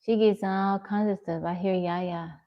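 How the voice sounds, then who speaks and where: A woman's voice: medium pitch, fairly even intonation, normal speed, muffled recording. A woman livestreaming from her home, chatting casually and answering viewer comments one by one. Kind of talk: casual live-stream chat reading comments.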